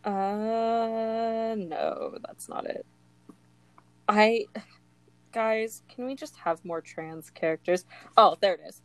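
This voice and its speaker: Young woman, unhurried but excitable book-chat co-host, laughs a lot, leans on "like". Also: mid-range voice, clean tone, dry recording, low-quality recording. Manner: gushing, laughs often, many "like" fillers. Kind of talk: casual chat.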